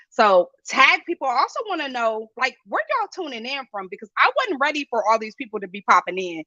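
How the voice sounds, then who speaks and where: A woman in her late thirties hosting a live-stream talk show, chatty and energetic, with a preacher-like cadence. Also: fairly high pitch, moderate pace, no room sound, lo-fi sound. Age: 30s. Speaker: podcast host.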